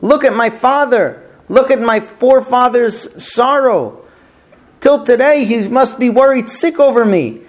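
A man's voice: very high voice, animated, a little slow, voice pushed up. A man voicing a young man who weeps and pleads urgently with his dead mother. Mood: tearful pleading. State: crying.

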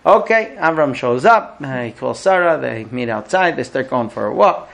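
A man teaching a class in a conversational way, telling an illustrative story with frequent hesitant pauses. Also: medium pitch, animated, creaky, fairly bright tone. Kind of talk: storytelling lecture.

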